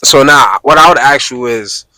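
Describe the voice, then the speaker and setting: A man's voice: mid-range voice, moderate pace, sharp tone, no room sound, low-quality recording. Emphatic male podcast host. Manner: emphatic, slangy, addresses listeners directly. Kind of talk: casual podcast chat.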